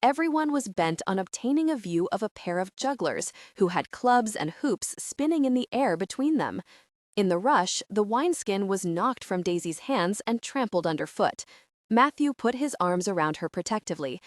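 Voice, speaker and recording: A woman narrating a historical romance audiobook in an even, measured reading. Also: medium pitch, no room sound, clean studio sound. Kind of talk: scripted narration.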